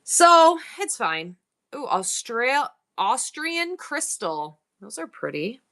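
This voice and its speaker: A middle-aged woman from upstate New York hosts a live online sale, chatting fast and nonstop with her viewers. Her voice sits a little high and sounds bright and forceful. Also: very animated. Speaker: online auction seller. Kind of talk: live-stream selling chat.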